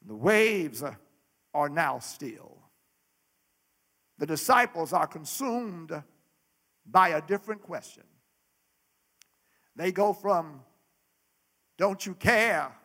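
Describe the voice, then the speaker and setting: Lively high-pitched male preacher. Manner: preaching cadence, swelling to shouts, many repeated words. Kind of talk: sermon.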